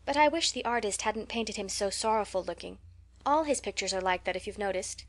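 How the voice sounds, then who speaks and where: A woman's voice: mid-range voice, brisk, natural voice. An eager little orphan girl of eleven pours out her daydreams in a breathless, romantic rush, as a woman reads her part. The voice sits in an ordinary middle register, full of wonder. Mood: dreamy. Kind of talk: audiobook character reading.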